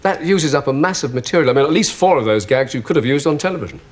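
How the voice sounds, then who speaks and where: A man's voice: on the high side, animated. A man hosting a television chat show, genially bantering with his guest. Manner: genial, bantering, quick to laugh. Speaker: talk show host. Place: television studio. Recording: hissy 1980s television broadcast.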